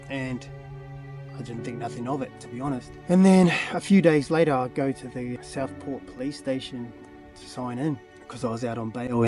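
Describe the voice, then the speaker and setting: A man with a New Zealand accent recounts his story to camera in a confessional, halting way. He speaks plainly, trailing off into fillers and asides. His voice sits at a middling pitch, with soft music playing faintly underneath. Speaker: vlogger.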